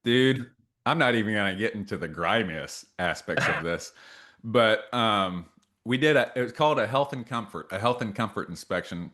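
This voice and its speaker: Guy on a podcast spinning a story, gets loud acting out what people said, swings up and down a lot. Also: fairly low pitch, moderate pace. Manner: animated storyteller, acts out quotes loudly. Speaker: podcast co-host. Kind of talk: casual storytelling chat.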